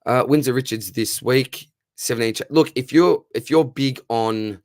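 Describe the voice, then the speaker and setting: A man's voice: medium pitch, moderate pace, no echo, studio quality. A young Australian man hosting a casual live fantasy football Q&A, matey and upbeat as he answers viewers. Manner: matey, upbeat, reads viewer questions aloud. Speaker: fantasy football livestream host.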